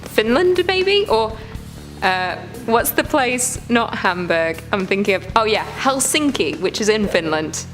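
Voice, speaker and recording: A woman talking casually as she reacts to scary videos, chatty and quick to swear and joke. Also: mid-range voice, lively intonation, fairly bright tone, faint music behind.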